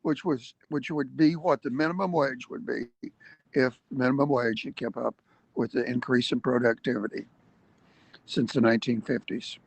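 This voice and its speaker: A man's voice: mid-range voice, fairly even intonation, normal speed, gravelly, breathy edge, no echo, rough recording. A man giving an earnest livestream advocacy talk, explaining step by step with emphatic points and hesitant fillers. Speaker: activist speaker.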